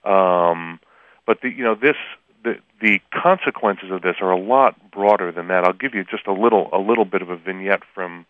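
A man, a law professor, calling in to an interview over the phone, speaking earnestly and haltingly with frequent restarts. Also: low-pitched, dry recording. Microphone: telephone. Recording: tinny, dry phone line.

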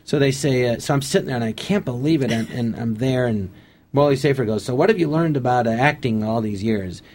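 A man's voice: mid-range voice, fairly quick. Chatty man acting out old stories. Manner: animated anecdotes acting out quotes. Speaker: interview guest. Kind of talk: casual storytelling.

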